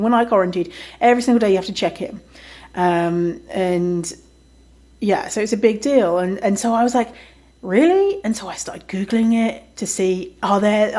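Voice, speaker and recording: A woman's voice: medium pitch, a little mellow. A woman hosting a podcast, telling a story in a casual, chatty way, swearing freely and often laughing. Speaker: podcast host.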